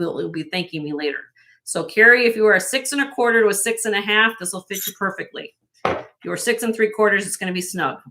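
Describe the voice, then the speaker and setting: A medium-pitched woman with a sharp tone runs a live online jewelry sale, chatting salesily and naming buyers as she talks to them.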